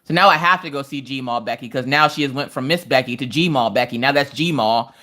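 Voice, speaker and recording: A woman's voice: rumbling low, brisk. A woman in her thirties hosting a casual livestream, telling family stories with frequent laughter. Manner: animated, laughs often while telling stories. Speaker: livestream host. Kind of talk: casual storytelling chat.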